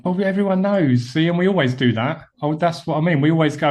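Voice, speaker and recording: A man hosting a horror film podcast in relaxed, chuckling banter with his co-host over a call. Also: a little high, fast talker. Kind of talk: casual podcast chat.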